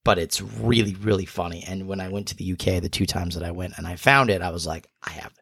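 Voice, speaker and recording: Guy cohost rambling on, lots of ums, lowish voice, dry close sound. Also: fast, gravelly, a bit bright, husky, dry recording. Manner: rambling, hesitant, many fillers. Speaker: podcast co-host. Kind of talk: casual chat.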